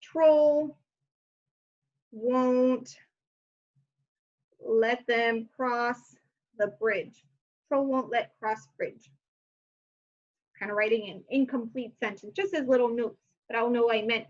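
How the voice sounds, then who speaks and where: A woman teacher walks young students through a recorded lesson, saying each word slowly and clearly. Her voice sits high, her pace is unhurried, and the sound is dull and lo-fi. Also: a little mellow.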